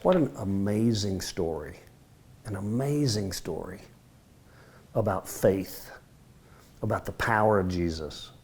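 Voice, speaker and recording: A middle-aged man teaching a Bible study, telling the story vividly and acting out the dialogue, his voice swinging between loud and hushed. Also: fairly low pitch, takes it slowly, pauses often. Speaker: men's ministry Bible teacher.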